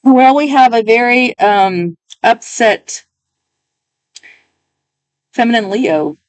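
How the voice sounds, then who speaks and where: A woman's voice: on the high side, slow, no room sound. A woman reading tarot cards for her viewers, talking in a musing, emotional way and often interrupting herself. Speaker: tarot reader.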